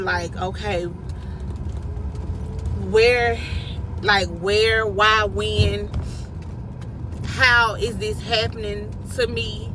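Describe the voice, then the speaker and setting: A woman vlogger giving a casual, inspirational faith talk, repeating lines slowly for emphasis in slangy, everyday phrasing. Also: medium pitch, bright, forceful tone, a little hiss or hum, rough recording. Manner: slow, repetitive, preacherly emphasis.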